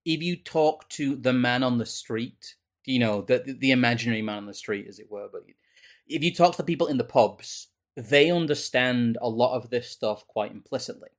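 A man with an ordinary middle-pitched voice co-hosts a casual talk. He repeats words as he feels his way into a point. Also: moderate pace. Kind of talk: casual discussion.

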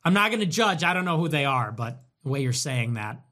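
A man hosting a livestream, reacting to chat messages in a sarcastic, mocking way with quick swings in tone. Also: a little high, big pitch swings, sharp tone. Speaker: livestream host.

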